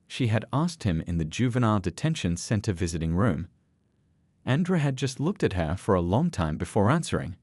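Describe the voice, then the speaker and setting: A man tells a dramatic story in a scripted narration, his voice on the lower side and moving freely in pitch. The sound is dry and close. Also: big pitch swings, moderate pace, darkish tone, husky, dry recording.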